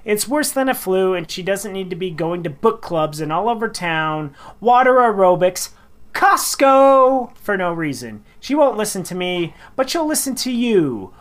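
Woman co-host, reading tweets on the radio, giggly, acts out the quotes, lively pitch swings. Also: unhurried. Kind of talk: reading listener tweets on a comedy radio segment.

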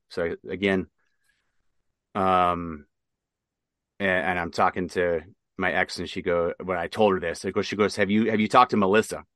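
Veteran guest, male, from Nebraska; halting casual storyteller, dry close sound. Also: low voice, a bit bright, no room sound. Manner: halting, many fillers and restarts. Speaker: interview guest, military veteran.

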